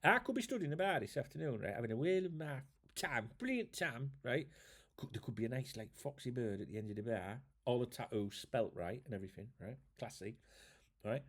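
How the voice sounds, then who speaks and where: Male vlogger, lively pitch, sweary rambling chat to camera. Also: fairly quick. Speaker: YouTube host. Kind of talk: casual chat to viewers.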